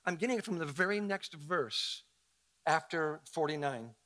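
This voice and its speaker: A man, the pastor, preaching a sermon in an animated, conversational, dramatic way. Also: on the high side, moderate pace.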